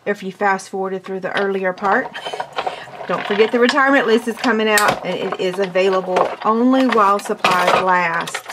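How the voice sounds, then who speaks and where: An American woman demonstrating a card craft, chatting away as she works with an excited, bubbly manner. Her voice sits at an ordinary middle pitch. Clicks and the clatter of dishes are clearly heard behind her. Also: very noisy. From United States. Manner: chatty and excitable, talks while working. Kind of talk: hands-on crafting tutorial.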